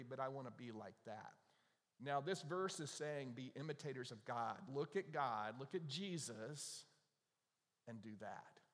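A man's voice: fairly high pitch, a bit bright. A middle-aged man from North Carolina preaching a conversational sermon, asking the congregation questions and acting out quoted asides. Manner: chatty, asks the congregation questions, acts out little quoted asides. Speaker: pastor. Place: church sanctuary. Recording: long reverb of a church hall.

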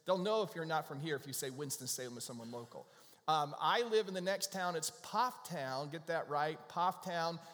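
A man's voice: fairly high pitch, fairly quick, a bit bright. A middle-aged male pastor giving a casual, joking sermon to his congregation in a church. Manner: chatty, joking, playful. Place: church sanctuary. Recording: reverberant church hall.

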